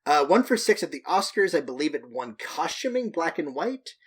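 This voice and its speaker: A man's voice: fairly high pitch, sing-song, normal speed, slightly rough. Joking, swearing male podcast co-host. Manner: joking, profane, loose. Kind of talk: casual podcast chat.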